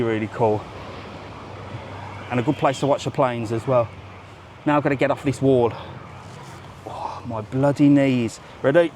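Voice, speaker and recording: A man's voice: medium pitch, a little mellow, a little hiss or hum. A middle-aged man from England hosting a casual live stream as he walks outdoors, talking chattily, swearing freely and teasing passers-by. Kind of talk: casual live walkabout chat. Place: outdoors by a seafront road and beach.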